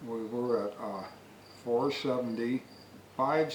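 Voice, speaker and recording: A man's voice: fairly low pitch, a little slow, slight background noise. A man telling a rambling, folksy story before reviewing a product he bought, recorded outdoors with crickets faint behind him. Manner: folksy, long-winded. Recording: echoey, distant from the mic. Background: faint crickets and insects.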